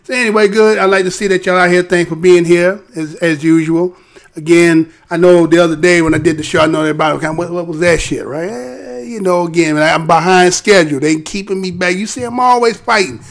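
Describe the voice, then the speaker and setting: Creaky-voiced man ranting on a live show. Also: high voice, a little fast. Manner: rambling, profane, streetwise, asks "right?" often. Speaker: host of a live streamed show. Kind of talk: casual rant to a live chat.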